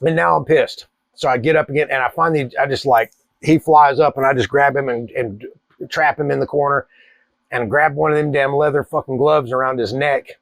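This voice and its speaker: A man, telling a wild personal story in a profane, animated way. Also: medium pitch, a little fast, creaky, dry recording. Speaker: cigar channel host. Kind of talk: casual storytelling.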